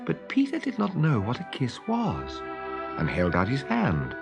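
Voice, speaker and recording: A man reading a children's story aloud with expressive, lively narration. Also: mid-range voice, unhurried, gravelly, music in the background.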